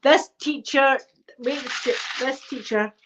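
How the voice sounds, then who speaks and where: A woman's voice: high-pitched, takes it slowly, noisy background. Brief: Scottish woman, emphatic storyteller chatting to viewers, dull lo-fi mic. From Scotland. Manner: animated, emphatic, repeats herself. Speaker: channel host. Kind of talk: casual storytelling to a live chat.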